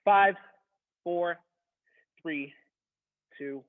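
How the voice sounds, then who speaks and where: Very slowly and in a high pitch, a man coaches beginners through a workout, encouraging them in a laid-back way while he struggles through a plank. Phone-like, tinny sound.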